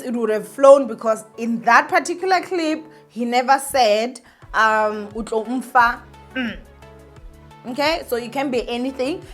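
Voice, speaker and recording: Speaking on the high side with a fairly bright tone, this South African entertainment vlogger addresses her viewers head-on. Her commentary is an indignant, opinionated rant, full of emphasis, repeated points and plenty of fillers.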